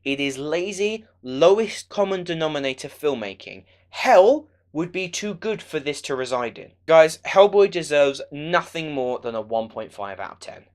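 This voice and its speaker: A man's voice: fairly high pitch, expressive, normal speed, few pauses. Sarcastic ranting young man. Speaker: film reviewer. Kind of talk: ranting movie review vlog.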